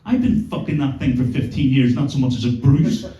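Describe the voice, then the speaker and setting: A man in his thirties from Northern Ireland, with the accent to match, does a stand-up set on a comedy club stage, telling sweary stories that poke fun at himself. His mid-range voice is warm and a little fast. The sound is roomy, with the mic heard from a distance.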